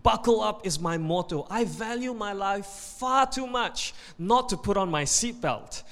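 A man's voice: high voice, expressive, measured pace, fairly bright tone, full character voice. Indignant husband, played by a male preacher, blustering and defensive, echoing hall. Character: indignant, self-righteous husband caught speeding. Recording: reverberant hall.

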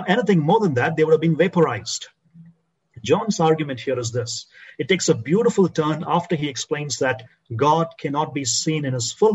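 A pastor, a man with a slightly high, husky voice, delivers a sermon. He slows down and sinks low to press home key phrases. The recording sounds dull and lo-fi.

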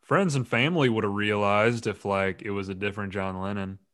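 A man's voice: fairly low pitch, fairly even intonation, a little fast, a bit bright. A man hosting a casual podcast chat, rambling and joking, often laughing mid-sentence. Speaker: podcast host.

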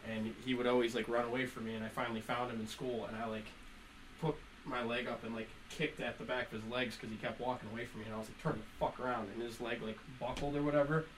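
A young man telling profane stories to friends in casual chat, animated and laughing between lines. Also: medium pitch, fast talker, a little hiss or hum, poor audio. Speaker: storyteller among friends.

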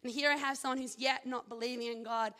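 A young woman with a fairly high voice shares her faith testimony in an earnest, rambling way, full of "like" and "I think". Her words ring out with the long reverb of a hall. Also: fairly even intonation, quick pace, a bit bright. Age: young adult. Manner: earnest, chatty, leans heavily on "like" and "I think". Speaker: speaker sharing a faith testimony. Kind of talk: personal testimony and scripture reading.

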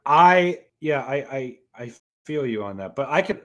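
A man's voice: mid-range voice, animated, a little slow. A man co-hosting a podcast in casual, rambling banter, laughing often. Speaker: podcast co-host. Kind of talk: casual chat.

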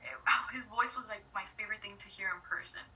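A young woman telling a story in casual chat, excited, full of "like" fillers and acted-out quotes. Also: medium pitch, fast talker, far from the mic, crowd noise, rough recording.

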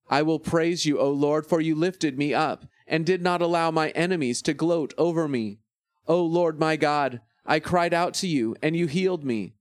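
A man reads scripture in a steady, measured way. His voice sits a little above the usual male range. The sound is close and dry, with no room around it. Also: fairly high pitch, no echo. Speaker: scripture reader. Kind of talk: scripted Bible reading.

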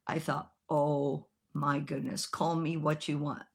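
A woman preaching a sermon, telling a story with animated, humorous acted-out voices. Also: sits low, a little slow, creaky.

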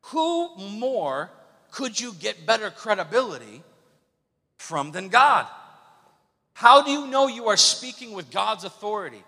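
A man preaching a sermon as pastor, lively and questioning the congregation. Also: high voice, unhurried, breathy edge. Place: church sanctuary. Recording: long church hall reverb.

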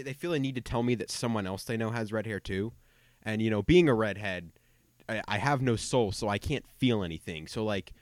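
A man's voice: medium pitch, no room sound. A young man, a podcast co-host, telling a casual anecdote in a rambling way and often repeating words. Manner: rambling, self-interrupting, frequent repeated words.

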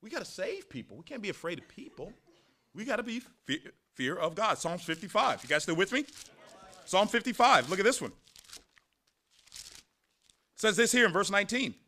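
Animated man preaching a sermon. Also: sits high, normal speed, pauses often. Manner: animated preaching with sarcastic asides; repeats words when excited. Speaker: pastor.

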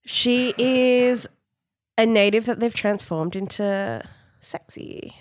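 A woman's voice: a little high, slow. A woman co-hosting a podcast, tossing in blunt, crude quips in casual comedic chat. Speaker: podcast co-host.

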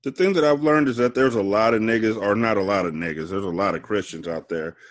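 A man's voice: lowish voice, quick pace. A man co-hosting a podcast in casual chat, laid-back and blunt with his opinions. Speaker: podcast co-host.

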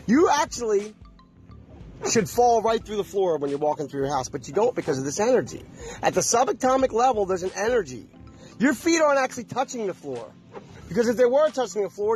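Male vlogger, high and very animated voice, preachy and repetitive, soft music bed. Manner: emphatic, repetitive, preachy, asks the audience questions. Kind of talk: casual monologue to camera.

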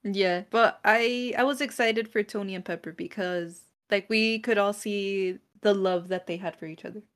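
Woman, podcast co-host, casual chat, giggly, mid pitch. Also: moderate pace. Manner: chatty, giggly, loses words.

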